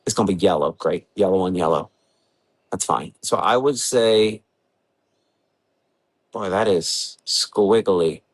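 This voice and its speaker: Early in the morning at home, a weather forecaster hosts a live severe weather briefing on his livestream. His voice sits low, moving slowly with frequent pauses, and the recording is low quality. He's casual, thinking out loud with fillers while handling the maps.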